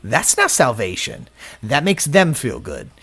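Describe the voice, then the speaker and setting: A male preacher delivering a sermon with a lively, swinging pitch. He tells his own story and slips into the voices of the people he quotes. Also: a little slow, slightly rough. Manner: personal testimony, acts out quoted voices.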